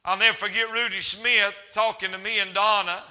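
Male evangelist, very high bright voice, folksy sermon delivery, church hall reverb. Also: little pitch movement, fairly quick. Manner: folksy preaching with humor and rising emphasis. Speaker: evangelist preacher.

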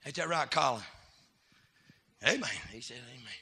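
A man preaching a fiery sermon, calling out to the congregation and swinging from hushed asides to shouting. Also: medium pitch, expressive, moderate pace, gravelly, breathy edge.

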